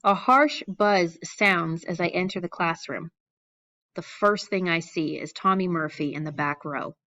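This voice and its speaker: A woman's voice: lowish voice, a little slow, a bit bright, lo-fi sound. A woman narrating a first-person audiobook in a wry, anxious storytelling manner. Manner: wry, anxious storytelling of a young boy's thoughts.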